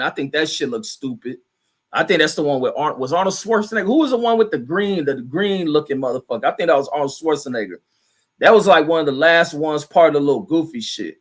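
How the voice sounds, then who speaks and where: A middle-aged man chatting casually on a livestream from home. He rambles in a loose, profane way, reading viewer comments aloud and riffing on them. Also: a little high. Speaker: livestream host reading chat.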